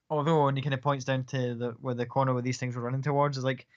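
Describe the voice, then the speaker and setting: A man's voice: medium pitch, little pitch movement, a little fast, no echo. A man narrates a tabletop game as its game master, in a loose, rambling way with fillers and the odd curse. The recording is dull and lo-fi, with a dry, close sound. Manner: casual, rambling with fillers and swearing.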